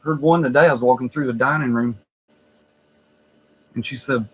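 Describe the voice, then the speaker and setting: A man's voice: mid-range voice, fairly even intonation, normal speed, husky, rough recording. A man who works in a nursing home, telling stories in a blunt, profane, wry way. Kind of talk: casual storytelling vlog.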